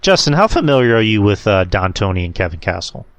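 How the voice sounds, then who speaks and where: A man's voice: lowish voice, very animated, fast talker, no echo. A young man hosting a podcast in casual chat, rambling with lots of fillers and restarts. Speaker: podcast host.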